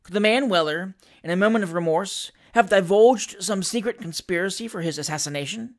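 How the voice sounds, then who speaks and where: A narrator reading a classic comic novel aloud at a measured pace. The storytelling stays even and unhurried. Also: mid-range voice. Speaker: audiobook narrator.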